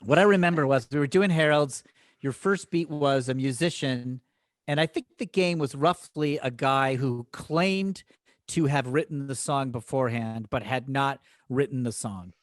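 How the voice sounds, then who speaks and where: A man, an improv teacher guesting on a podcast, telling animated stories in casual chat and laughing often. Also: medium pitch, normal speed, no room sound, clean studio sound.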